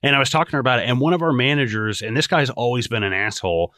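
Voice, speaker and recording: A man co-hosting a casual film podcast, venting in an animated, profane way and laughing often. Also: medium pitch, racing, dry recording. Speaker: podcast co-host.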